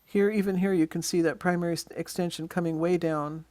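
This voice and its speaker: A birding instructor giving a casual slide-show lesson on bird identification, pointing out features in photos and often pausing with ums and uhs. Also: medium pitch, steady tone, darkish tone, dry recording. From Western Washington.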